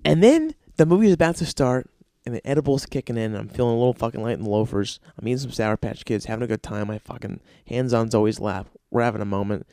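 A man's voice: mid-range voice, fast, dark tone. A male stand-up comedian spinning a story with heavy profanity. He breaks into worked-up, exasperated rants. The sound is dry and close, with no room echo. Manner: profane, ranting, exasperated outbursts.

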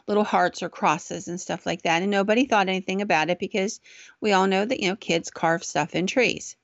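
A woman's voice: fairly low pitch, creaky, a bit bright, dry recording. A woman podcast host casually telling a ghost story in a chatty, conversational way, on a dull, dry recording.

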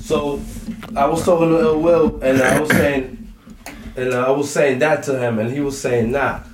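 A man's voice: medium pitch, normal speed, noisy background. Man talking casually in a roomy echo. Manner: animated, repeats himself, slang-heavy. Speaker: podcast co-host. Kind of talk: casual chat. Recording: roomy echo, mic at a distance.

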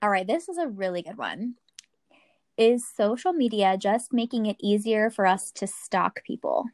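A woman in casual chat, playful and quick to laugh. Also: mid-range voice, animated, a little mellow, no echo.

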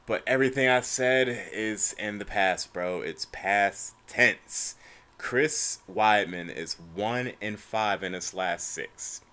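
A man's voice: on the low side, takes it slowly, clean tone. A young man hosting a solo podcast, ranting casually about fight news, swearing and tagging lines with bro and man. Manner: animated, profane, says bro and man constantly. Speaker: podcast host.

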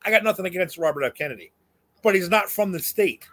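A man's voice: high-pitched, lively intonation, quick pace, a bit bright. A man from New York co-hosting a casual talk show, blunt and opinionated, swearing casually. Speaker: co-host. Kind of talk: casual chat.

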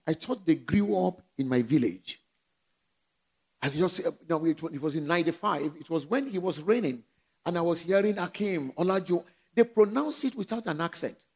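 Man, nigerian accent, sermon, high voice, husky, call-and-response. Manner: call-and-response preaching, rising and dropping in volume. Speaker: pastor.

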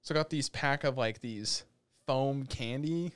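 A man co-hosting a podcast, telling a long animated rant in casual chat. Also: medium pitch, unhurried, clear, resonant tone, dry recording. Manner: animated ranting storyteller. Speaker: podcast co-host.

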